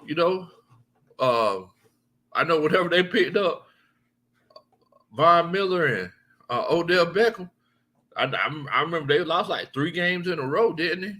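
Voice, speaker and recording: A man's voice: fairly high pitch, animated, measured pace, pauses often, pushed and bright. A man hosting a casual livestream sports chat, reading viewer comments, joking, laughing often and repeating his lines.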